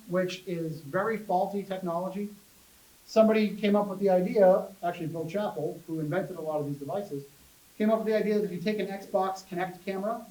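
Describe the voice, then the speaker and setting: A man giving a casual public talk about ghost hunting as a chatty, animated storyteller who jokes with his audience. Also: high voice. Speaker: paranormal investigator giving a talk. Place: public library meeting room. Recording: echoey room, voice from a distance.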